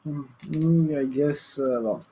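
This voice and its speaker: Guy playing a tabletop game, slow and hesitant, lots of "well, uh", faint hiss behind. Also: fairly high pitch, steady tone, mellow, poor audio. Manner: hesitant, halting with many "well"s. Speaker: player. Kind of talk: in-character tabletop play.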